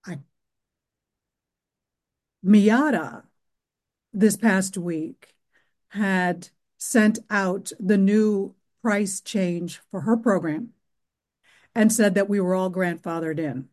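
Slow, hesitant woman client. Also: mid-range voice, darkish tone. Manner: hesitant, many fillers. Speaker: coaching client. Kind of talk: explaining her situation on a call.

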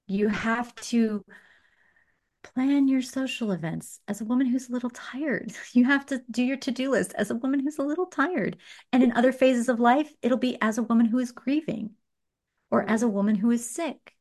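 Hosting a chatty coaching session on money, this woman is emphatic and animated, with frequent laughter. She speaks at a moderate pace in a fairly high pitch.

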